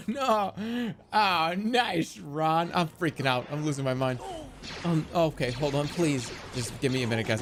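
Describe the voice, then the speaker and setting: A man's voice: on the high side, a little slow, background noise. A man streaming a game, flustered and giggly, apologizing in a rambling casual way. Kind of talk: casual gaming stream chat.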